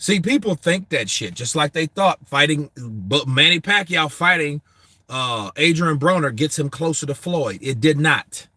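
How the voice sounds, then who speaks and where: A man hosting a boxing talk show, answering viewers in a casual, animated, profane way, and laughing often. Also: fairly high pitch, unhurried, no echo.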